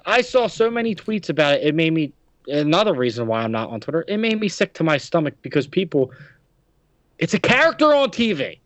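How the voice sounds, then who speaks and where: A man's voice: fairly high pitch, big pitch swings, a little fast, no room sound. A man hosting a podcast, ranting indignantly and firing off rhetorical questions. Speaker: podcast host. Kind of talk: heated podcast discussion. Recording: dry, dull lo-fi sound.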